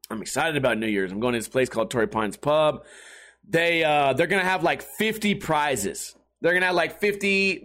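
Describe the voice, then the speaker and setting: A man chatting casually with his viewers, rambling and swearing as he tells animated stories. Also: fairly high pitch. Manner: profane, animated storytelling. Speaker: skateboarding streamer talking to his viewers.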